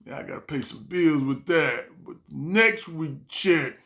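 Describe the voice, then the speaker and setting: A man's voice: fairly high pitch, unhurried, creaky, fairly bright tone. A middle-aged man talking casually to the camera, telling stories from his life, laughing often and acting out what people said. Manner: laughs often, acts out quotes. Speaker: vlogger. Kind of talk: casual storytelling monologue.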